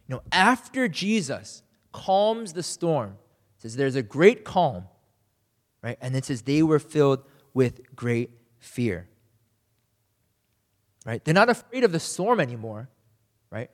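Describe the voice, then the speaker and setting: Animated male preacher in a reverberant hall. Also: mid-range voice. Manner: conversational, frequent "right?" check-ins, acts out quoted voices. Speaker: pastor. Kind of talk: sermon.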